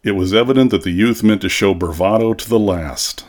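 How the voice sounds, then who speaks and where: A man narrating a horror story for an audiobook in a measured, deliberate delivery. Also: on the low side, darkish tone.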